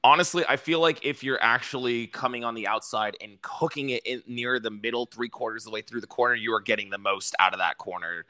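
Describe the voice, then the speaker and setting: Young dude hosting a racing chat, bright voice, swears a lot, dry sound. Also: male voice, medium pitch, no echo. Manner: excited, swears freely, quick asides. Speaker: podcast host. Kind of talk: casual chat about racing.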